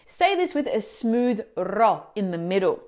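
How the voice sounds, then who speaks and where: A woman teaching Italian pronunciation in a scripted video lesson, explaining words clearly and asking the viewer questions. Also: fairly high pitch, sing-song, moderate pace, darkish tone.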